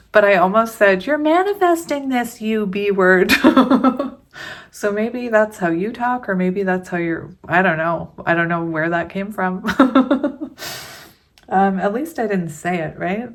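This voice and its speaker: Slow-talking woman giving a tarot reading. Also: mid-range voice. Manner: slow, chatty, giggles often. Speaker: tarot reader. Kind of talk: casual tarot reading to camera.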